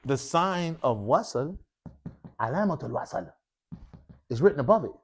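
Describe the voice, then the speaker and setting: A man's voice: on the high side, very animated, unhurried, husky. A man teaching an Arabic grammar class in a mosque classroom, constantly quizzing his students with questions. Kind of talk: classroom lesson.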